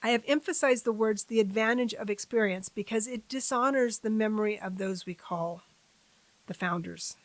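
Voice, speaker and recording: A woman hosting a civics channel, reading a formal testimony aloud at a deliberate pace and breaking off for chatty asides to her viewers. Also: mid-range voice, no room sound, poor audio.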